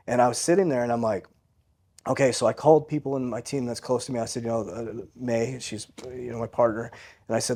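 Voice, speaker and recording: A man's voice: medium pitch, fairly even intonation, quick pace, warm tone, husky. Earnest man telling his story. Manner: earnest, often tags lines with "right?". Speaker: podcast guest, financial coach. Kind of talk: candid personal storytelling.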